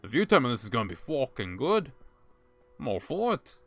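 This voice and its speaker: A man's voice: mid-range voice, sing-song, fairly quick. A young man casually commenting while he plays a game, thinking aloud and laughing at himself. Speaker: streamer playing a game.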